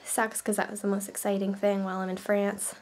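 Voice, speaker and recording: A woman's voice: medium pitch, monotone, a little fast, darkish tone. A woman from Canada, chatting casually in a vlog, rambling with lots of fillers. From Canada, New Brunswick. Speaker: vlogger.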